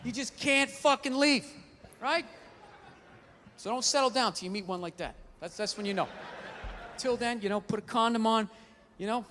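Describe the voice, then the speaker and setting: A man's voice: very high-pitched, moderate pace, pauses often, bright, forceful tone, in a large hall, a little hiss or hum. A male stand-up comedian ranting in an exasperated, profane way during a live routine.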